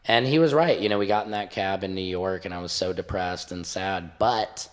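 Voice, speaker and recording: Middle-aged guy hosting a podcast, kinda low voice, lively joking storyteller. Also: normal speed. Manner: animated storyteller, jokes and swears freely. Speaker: podcast host. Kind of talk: casual storytelling chat.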